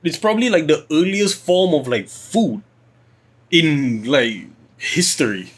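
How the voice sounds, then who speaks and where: A man's voice: a little high, measured pace, slightly rough. A young man co-hosting a podcast, rambling and swearing in casual chat. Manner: rambling, profane, animated. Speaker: podcast co-host.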